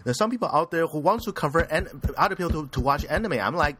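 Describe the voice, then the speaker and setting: Rambling crude young man, lively and bright. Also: fairly high pitch, fast talker, few pauses. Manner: rambling, crude, giggly, self-mocking. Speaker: podcast host. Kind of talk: casual anime news commentary.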